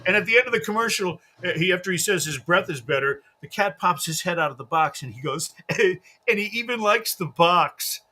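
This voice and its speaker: A man's voice: a little high, quick pace, hardly any pauses, sharp tone, a little hiss or hum. A man hosting a sports radio show, chatting casually and ranting with profanity and mocking impressions.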